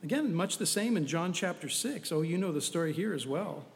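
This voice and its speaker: A man's voice: a little high, animated, a little fast, gravelly, in a large hall, a little hiss or hum. A man preaching a sermon in a conversational, storytelling way with humorous asides.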